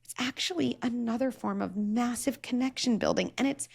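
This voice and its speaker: A woman's voice: a little high, moderate pace, gravelly, darkish tone, slightly rough. A woman in her forties, a parenting psychologist guest, talking earnestly in an interview and acting out quoted lines. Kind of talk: conversational interview.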